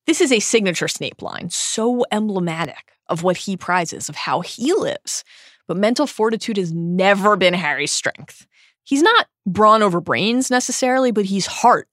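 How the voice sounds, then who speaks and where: A woman's voice: medium pitch, fairly bright tone, no room sound, clean studio sound. A woman co-hosting a podcast, recapping a book in an earnest, analytical way and reading passages with emphasis. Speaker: podcast co-host.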